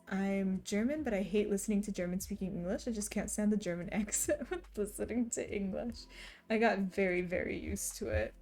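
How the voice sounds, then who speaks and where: A woman's voice: medium pitch, dark tone. A woman streamer chatting casually and reading chat messages aloud, laughing often. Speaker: streamer reading chat while cross stitching.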